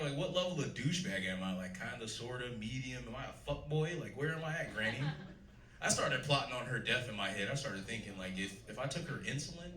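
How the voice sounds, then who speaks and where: A stand-up comedian in his thirties performs a set on a club stage, talking to a live audience and laughing at his own jokes. His mid-range voice has a sharp tone and is far from the mic. The sound is roomy, with the crowd audible.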